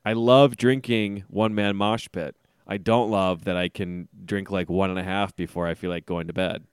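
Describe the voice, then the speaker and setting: Smooth-voiced joking man in his forties. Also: sits low, steady tone, normal speed, no echo, studio quality. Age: 40s. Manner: joking, swears freely, laughs often. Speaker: podcast co-host. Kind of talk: casual chat.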